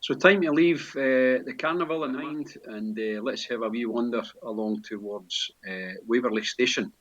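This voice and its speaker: A Scottish man in his sixties giving a relaxed, chatty walking-tour vlog, full of local slang with frequent pauses. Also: medium pitch, highs cut off. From Scotland. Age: 60s. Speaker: vlogger and tour guide. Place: outdoors on busy city streets and inside a pub. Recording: street noise and traffic behind.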